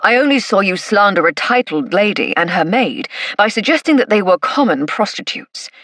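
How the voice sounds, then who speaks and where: A woman voicing a kindly, dry-witted police inspector with a measured delivery. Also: mid-range voice, expressive, fairly bright tone, no room sound.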